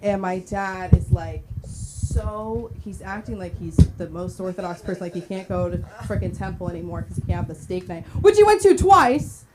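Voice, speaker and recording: A woman's voice: fairly low pitch, steady tone, moderate pace, hardly any pauses, noisy background. A woman doing a chatty, rambling stand-up set at a comedy club open mic, giggling through her bits. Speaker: stand-up comic.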